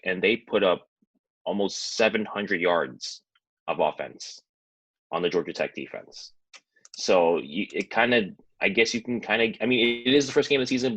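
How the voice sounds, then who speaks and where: A man joins a sports talk show as a guest, working through his opinions with a lot of "um"s and "I mean"s. His voice sits very low. The sound is dry and close to the mic. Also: fairly bright tone, husky, no echo, low-quality recording. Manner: hesitant, rambling with fillers.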